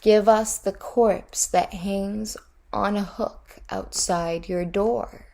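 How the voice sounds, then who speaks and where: A woman's voice: mid-range voice, fairly even intonation, slow, gravelly, darkish tone. A woman voicing two tiny fly-sized creatures in a storybook, echoing with sighs. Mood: pleading.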